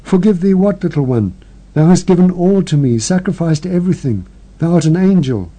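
A grieving elder sister speaks tenderly through her tears, as a male storyteller puts her on. Her voice rises well above the reader's usual pitch while keeping a mellow, dark tone. It comes from a story read aloud. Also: lively intonation, a little fast, rough recording. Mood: tearful. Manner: tearful, tender.

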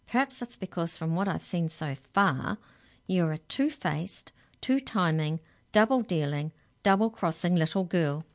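A woman reading a storybook, voicing a stern, brisk female hex checker who asks clipped questions. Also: lowish voice, expressive.

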